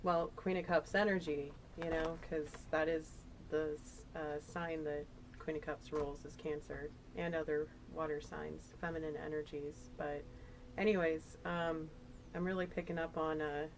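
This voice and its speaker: Woman tarot reader, low-pitched, chatty and emotional, rambling, faint background hiss. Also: level tone, moderate pace, low-quality recording. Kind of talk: casual tarot reading.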